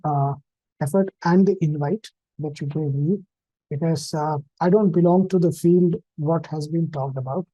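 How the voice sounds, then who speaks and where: A man's voice: on the high side, mellow, no room sound. A man giving a hesitant, reflective personal talk over a video call, with many fillers and restarts. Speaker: invited speaker at an online event. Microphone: own computer mic on a video call.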